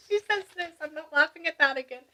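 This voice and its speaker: A woman working as a spiritual medium who talks excitedly with a client, laughs often and relays what a spirit tells her. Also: high-pitched, low-quality recording. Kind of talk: reading session for a client.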